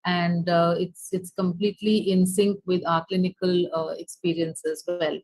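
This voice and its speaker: This is a woman with an Indian English accent lecturing over a video call. Her voice sits a little low and sounds close and dry. She speaks haltingly, filling pauses and restarting her sentences. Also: flat delivery, a little mellow, no room sound, low-quality recording. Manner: hesitant, many fillers and restarts. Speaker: nutritionist giving a lecture. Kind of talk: online lecture with slides.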